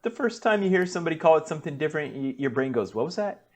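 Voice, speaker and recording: A man co-hosting a podcast in casual chat, easygoing and quick to laugh. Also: on the high side, sing-song. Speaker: podcast co-host.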